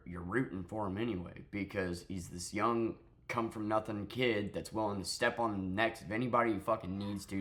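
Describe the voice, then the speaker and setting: A man with a lowish voice talks through his thoughts on a series in a loose, unscripted review. He sounds tired, having just woken up, and he stumbles over his words and swears freely as he goes. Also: a bit bright. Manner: rambling, profane, restarts often. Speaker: show reviewer. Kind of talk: casual spoken review.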